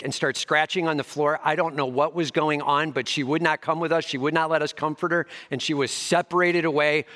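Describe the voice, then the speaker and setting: A man delivers a sermon in a slightly high voice, rising into emphatic bursts and then dropping to hushed, gentle stretches. He mixes preaching with casual, slangy asides. His voice rings out with a long hall reverb behind it. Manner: swings between emphatic raised passages and hushed soft ones. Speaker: pastor.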